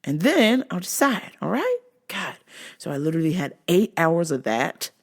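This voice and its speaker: A woman hosting a solo podcast, ranting loudly and swearing freely in casual chat. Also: fairly low pitch, big pitch swings, normal speed. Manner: profane, loud, fired-up ranting. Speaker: podcast host.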